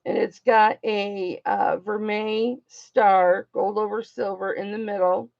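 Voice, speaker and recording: A woman's voice: medium pitch, steady tone, takes it slowly, creaky, highs cut off. A woman hosting a jewelry auction livestream, chatting casually and affectionately with viewers and calling them honey and baby.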